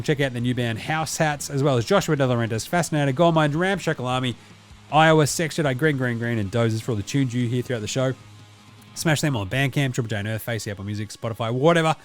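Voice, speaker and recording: Laid-back Australian podcast host. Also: male voice, medium pitch, fast, soft background music. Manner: laid-back, chatty plugs. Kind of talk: casual show sign-off.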